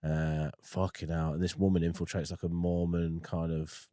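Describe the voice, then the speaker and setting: A man with a very deep voice tells stories on a podcast, swearing freely and getting animated. The sound is dry and close to the mic. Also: moderate pace, no room sound. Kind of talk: casual podcast chat.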